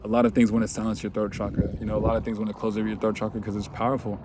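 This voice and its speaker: A man giving a casual spiritual talk, relaxed and rambling, full of "you know", his throat a bit crackly. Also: on the low side, rapid-fire. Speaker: spiritual video host.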